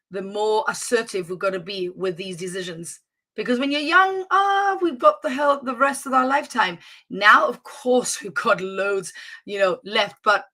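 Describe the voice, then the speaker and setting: Upbeat woman fitness coach, bright and forceful voice, chatty live-stream pep talk. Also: medium pitch. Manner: energetic and motivational, with frequent restarts.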